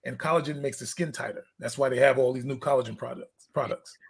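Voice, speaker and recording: A man's voice: mid-range voice, fairly even intonation, fast, vocal fry, husky. A man, a fitness coach, chatting casually in an interview, telling candid rambling stories and laughing at his own jokes.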